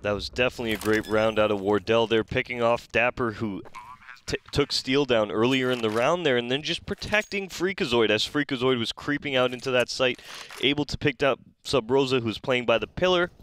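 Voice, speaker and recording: A man doing steady, explanatory play-by-play commentary on an esports match. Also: medium pitch, brisk, slight background noise.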